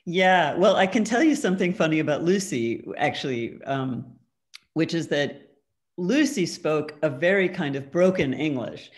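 Over a video call, a guest artist answers audience questions thoughtfully and conversationally. Her voice sits low and sounds animated, moving at a moderate pace. She hedges with "um" and "kind of," laughing lightly.

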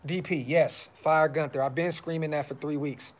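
A man's voice: fairly high pitch, fairly even intonation, normal speed. A man hosting a fan podcast, talking casually on a live stream with frustration, blunt slang and lots of repeats. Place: brother's house.

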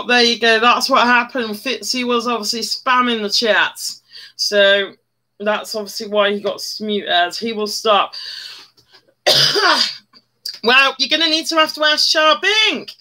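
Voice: medium pitch, pushed and bright. A person chatting casually on a livestream while doing makeup, greeting viewers by name and humming along. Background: faint music.

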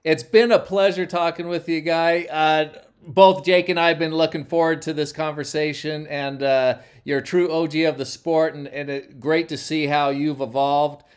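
A man's voice: fairly high pitch, little pitch movement, moderate pace, few pauses, clear, resonant tone. A man hosting a podcast, chatting casually and wrapping up with thanks for his guest. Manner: friendly, wraps up with praise for the guest. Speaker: podcast host. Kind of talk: casual interview.

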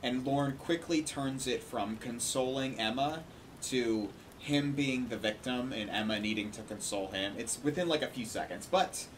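A man's voice: mid-range voice, normal speed, a little hiss or hum. A man host giving casual, sarcastic and exasperated commentary on a played call. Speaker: commentary streamer.

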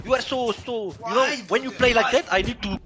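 Male teammate on comms, very high lively voice, urgent calls, loud game music and gunfire behind. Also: a little fast. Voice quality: urgent callouts, apologizes often. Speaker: teammate on voice chat. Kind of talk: competitive game voice chat.

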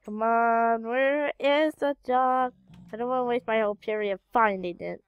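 A woman's voice: on the high side, unhurried, clear, resonant tone, no room sound, highs cut off. A woman hosting a gaming channel, giving casual gameplay commentary and muttering to herself while she searches, with frequent exclamations.

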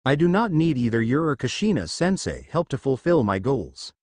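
A man voicing a cold, bitter teenage boy ninja in a fanfiction read-aloud, speaking in a flat monotone. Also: mid-range voice, normal speed, no echo. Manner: flat monotone, quietly seething.

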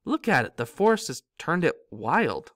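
A man reading aloud voices a frightened, excitable boy wizard, talking high, loud and breathless. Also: unhurried, no room sound, studio quality. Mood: excited.

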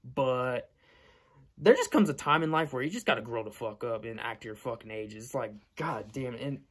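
A man's voice: medium pitch, lively intonation, normal speed, breathy edge. A young man in his late teens ranting casually to camera, profane and blunt, repeating himself often. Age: young adult. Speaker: vlogger.

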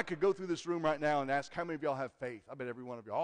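Earnest pastor in a reverberant church. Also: male voice, a little high, racing, few pauses. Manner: earnest, shifts from loud emphasis to hushed asides. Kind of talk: sermon. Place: church sanctuary. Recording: long church hall reverb.

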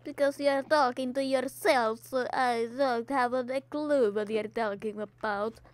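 Woman game host, slow-spoken, dramatic acted delivery, dry close sound. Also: a little high, steady tone, no room sound. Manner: theatrical, exaggerated, scolding game enemies; dramatic put-on recording voice. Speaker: gaming video host. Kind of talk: Minecraft let's play commentary.

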